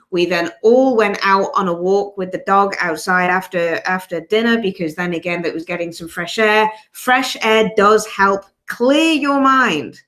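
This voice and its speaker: Chatty woman host, thirties, tells stories and does the voices in her quotes. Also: mid-range voice. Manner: animated storyteller, acts out quotes. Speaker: podcast host. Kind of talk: casual podcast conversation.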